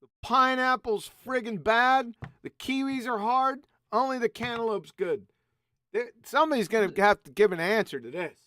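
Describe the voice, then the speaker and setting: A man's voice: very high-pitched, normal speed, pushed and bright, dry recording, studio quality. An older man hosting a live online show, talking in a brash, bossy and insulting way. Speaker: live stream host. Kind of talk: heated live stream banter.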